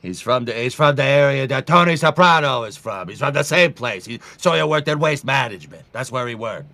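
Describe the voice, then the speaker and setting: A man's voice: medium pitch, expressive, brisk, vocal fry, bright, forceful tone, dry recording. A man co-hosting a live broadcast, laid-back and chatty, calling everyone "dude". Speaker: livestream co-host. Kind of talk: casual live commentary.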